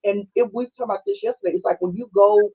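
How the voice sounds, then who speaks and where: A woman's voice: mid-range voice, steady tone, fast talker, slightly rough, dull audio. A middle-aged woman, a podcast co-host, telling a personal story on a live stream in a conversational, heartfelt way. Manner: conversational, heartfelt, full of "you know" and "like".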